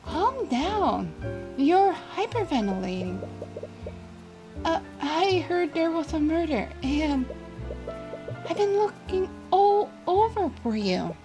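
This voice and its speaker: A woman's voice: very high-pitched, big pitch swings, slow pace, pauses often, over music, pitched above the performer's own voice, heavily acted. A woman voicing an anxious young student in a visual novel, calling out in panic. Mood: panicked.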